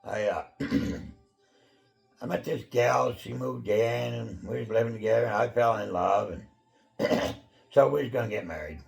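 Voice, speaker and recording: A man hosting his own channel, telling a personal testimony in a casual, rambling way, full of fillers and throat clearing. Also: medium pitch, normal speed, faint music behind. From Pacific Northwest of the USA.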